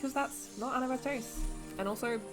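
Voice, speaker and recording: A young Australian woman reacting to films, exasperated and swearing as she yells at the screen. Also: sits high, moderate pace, music in the background. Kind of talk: casual reaction commentary. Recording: film audio playing behind.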